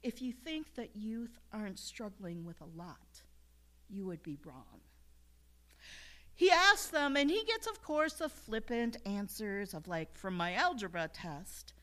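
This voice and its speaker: A woman pastor preaching a sermon in church, earnest and building to emphatic shouts as she leads the congregation in call-and-response. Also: medium pitch, lively intonation, unhurried.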